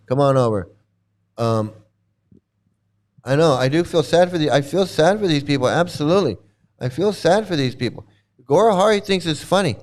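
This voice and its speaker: A man's voice: fairly high pitch, expressive, normal speed, pauses often. A man hosting a casual reaction commentary, blunt and mocking, who swears freely and repeats his points. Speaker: channel host commenting on a livestream.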